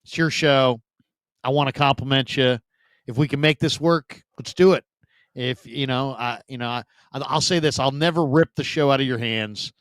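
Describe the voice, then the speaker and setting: A man, a sports radio host, telling stories in a casual, animated way and mimicking other people's voices. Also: normal speed, smooth, dry recording. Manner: animated, mimics voices with big pitch jumps. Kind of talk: casual storytelling chat.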